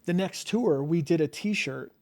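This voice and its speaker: A man telling a story as a podcast guest in a casual, animated way, full of "like" fillers and acted-out reactions. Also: a little high, a little slow. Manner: animated, many "like" fillers, acts out his own reactions.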